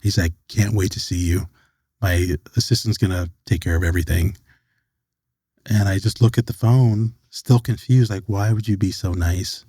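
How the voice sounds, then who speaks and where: Low, warm-voiced man telling a story. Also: normal speed, husky, no echo. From United States. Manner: animated storyteller who acts out quoted dialogue. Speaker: guest. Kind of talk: storytelling in a podcast interview.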